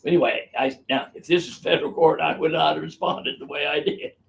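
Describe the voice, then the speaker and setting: An older man with a gravelly, somewhat high-pitched voice hosts a live webinar as a physician. He tells his stories bluntly and emphatically and does not hide his opinions. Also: steady tone, a little fast, fairly bright tone, a little hiss or hum. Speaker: physician host answering viewer questions. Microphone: live webinar microphone.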